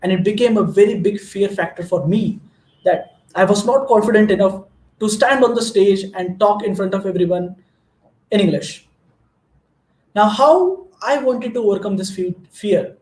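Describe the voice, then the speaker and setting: An Indian man, a native Marathi speaker, delivers an earnest motivational talk and often restarts his sentences as he goes. His voice sits high for a man. The recording has a roomy, echoing sound. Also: normal speed, a little mellow. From Maharashtra, India. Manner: earnest, storytelling, frequent restarts. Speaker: guest speaker.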